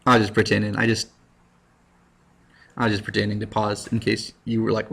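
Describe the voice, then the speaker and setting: A man with a fairly low, monotone, creaky and slightly bright voice talks briskly. He's a high school history teacher giving a recorded lesson in a casual, playful style, full of goofy asides and put-on quotes, like a jokey lecture.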